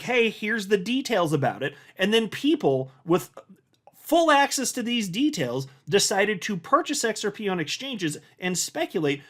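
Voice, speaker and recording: A man's voice: high voice, a bit bright. A man hosting his own crypto channel, talking in a sarcastic, mocking commentary monologue with frequent laughs and restarts.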